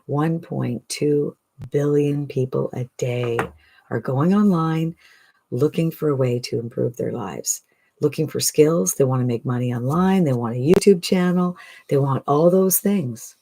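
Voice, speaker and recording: 60-something lady coach selling her program, warm mellow voice, eager and pushy. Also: low-pitched, measured pace, creaky. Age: 60s. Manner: enthusiastic, persuasive, keeps asking "right?". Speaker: online business coach. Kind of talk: direct-to-camera sales pitch.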